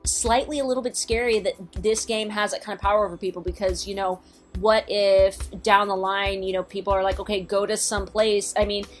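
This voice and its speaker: A woman's voice: mid-range voice, fairly even intonation, brisk, faint music behind. A woman co-hosting a podcast in casual chat, talkative and sweary, with lots of fillers and trailing-off asides. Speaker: podcast co-host.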